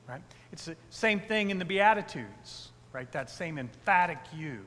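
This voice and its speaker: Speaking at normal speed with hardly any pauses, this pastor has a slightly high, animated, fairly bright voice. He delivers a conversational sermon in a church sanctuary, repeatedly checking in with "right?" and hammering key phrases through repetition, while long church reverb and slight background noise surround him.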